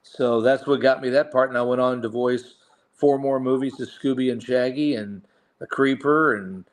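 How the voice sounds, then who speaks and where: A middle-aged man in a relaxed interview, spinning long career stories at an even, mid-range pitch. He rambles, restarts his sentences and trails into asides as he goes. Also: normal speed. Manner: rambling anecdotes with many restarts. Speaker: guest voice actor. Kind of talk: casual storytelling interview.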